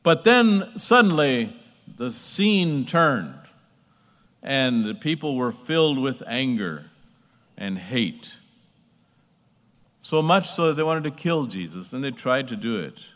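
Slow, emphatic preacher in a reverberant hall. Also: male voice, medium pitch, big pitch swings, a bit bright. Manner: slow, emphatic preaching with rising bursts and repeated phrases. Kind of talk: sermon.

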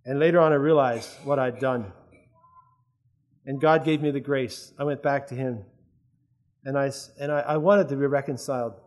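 A man's voice: mid-range voice, steady tone, normal speed, long pauses, darkish tone. A man preaching a sermon in an earnest, conversational way, often checking that his listeners follow.

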